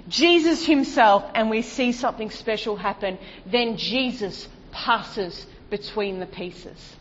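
A woman preaches a sermon in a high voice, pressing her points with rhetorical questions and sinking into hushed, lower passages. The sound is dull and lo-fi, carrying a long reverb from a large hall. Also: slow, hardly any pauses. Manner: emphatic, rhetorical questions, shifts to hushed low delivery.

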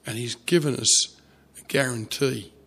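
A man preaching a sermon, telling a story softly with fillers and restarts. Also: medium pitch, creaky, breathy edge. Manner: storytelling, soft and halting with fillers.

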